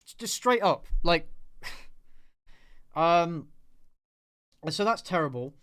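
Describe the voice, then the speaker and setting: A man's voice: a little high, lively intonation, a little slow, fairly bright tone, clean tone, no room sound. A man hosting his channel, talking through a film review in a casual, rambling way with fillers and the odd swear word. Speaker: channel host. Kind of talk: live review discussion.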